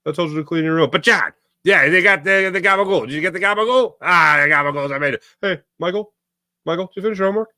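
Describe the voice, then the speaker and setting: A man's voice: high voice, racing, dry recording, studio quality, voice pushed up, close to an everyday voice. A man voicing his own fussy, nagging father, calling out names and asking about chores and homework. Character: host's middle-aged dad, fussy and nagging.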